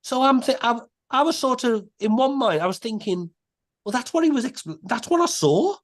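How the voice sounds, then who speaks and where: A man, a podcast guest telling a story in a casual, animated way. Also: very high voice, normal speed. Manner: animated, many restarts and quoted voices.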